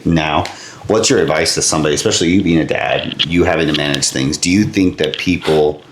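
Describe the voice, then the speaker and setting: A man who co-hosts and competes in bodybuilding, talking casually and relaxed, often agreeing. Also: very deep voice, a little fast, reverberant, noisy background. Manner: relaxed, frequent agreeing backchannels. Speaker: co-host, bodybuilder. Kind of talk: casual podcast chat.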